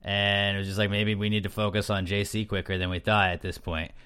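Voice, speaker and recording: A man's voice: fairly low pitch, level tone, a little fast, fairly bright tone, clear, resonant tone. A young man hosting a podcast, recapping in a loose, joking, rambling chat full of fillers. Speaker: podcast host.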